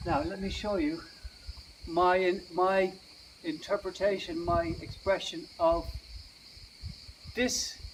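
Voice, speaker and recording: A man teaching yoga and meditation to children, guiding them gently and playfully. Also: high voice, flat delivery, measured pace. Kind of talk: guided kids' yoga and meditation. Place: outdoors. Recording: distant mic, outdoor noise.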